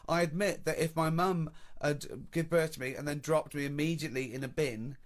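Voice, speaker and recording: A man's voice: on the high side, steady tone, fairly quick. An English man hosting a casual radio chat, teasing and incredulous. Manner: incredulous, teasing, laughs often. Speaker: radio host.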